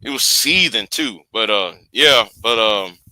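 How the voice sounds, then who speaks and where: A man hosting a casual livestream, rambling with repeated words, profanity and quiet trailing asides. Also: lowish voice, lively intonation, a little slow, no echo. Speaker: livestream host.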